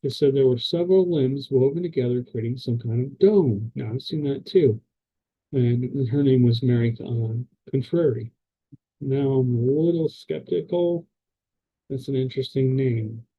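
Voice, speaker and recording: Man, podcast host, casual to camera, husky voice, slightly dull lo-fi sound. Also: mid-range voice, moderate pace. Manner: rambling, hesitant, many fillers and restarts. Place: indoors at a camera.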